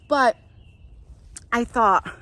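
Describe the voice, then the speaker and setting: A woman's voice: fairly high pitch, very slow, pushed and bright, slight background noise. A woman in her forties telling a story in a chatty walk-and-talk vlog outdoors on a nature trail, filming herself on a handheld phone. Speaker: vlogger.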